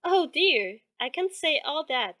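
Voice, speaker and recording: Young woman figure, chatty, frank, high voice, read by a woman, audiobook. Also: measured pace, full character voice. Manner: lively, raised bright pitch.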